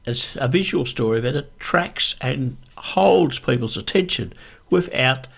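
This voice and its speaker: A man with a gravelly, husky voice talks low and deep right up close to the microphone. He practices a voiceover monologue, coaching himself deliberately and repeating his points. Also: lively intonation, fairly bright tone. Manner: deliberate, repetitive self-coaching. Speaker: YouTube creator.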